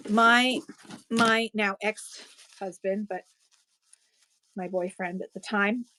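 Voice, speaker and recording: A woman's voice: mid-range voice, steady tone, pushed and bright, a little hiss or hum. A woman in her forties, a live-stream seller chatting casually and digressing as she shows her items. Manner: chatty, digressive, quick to laugh. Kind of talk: casual chat while selling.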